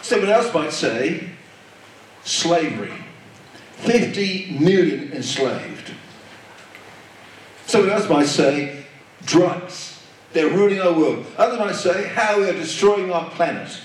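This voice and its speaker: A man preaches a sermon with an emphatic, repetitive cadence, his slightly high, expressive voice rising and falling with great animation. He speaks slowly, recorded from a distance in a very echoey hall with a little hiss or hum.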